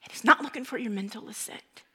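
Emotional woman pastor, bright voice. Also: fairly high pitch, fast, husky. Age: young adult to middle-aged, a parent. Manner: emotional, voice dropping to whispers. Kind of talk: sermon.

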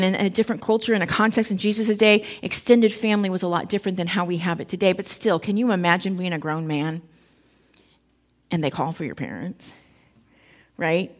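A woman's voice: medium pitch, fairly bright tone. A woman preaching a sermon in a conversational storytelling way, acting out the voices of the people in the story.

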